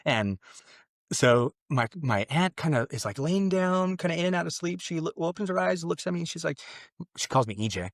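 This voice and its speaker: This young podcast guest, from a Mexican family, tells a personal story in a voice on the high side, expressive and at a moderate pace. He rambles casually, using fillers and acting out what others said. Clean studio sound, no room sound.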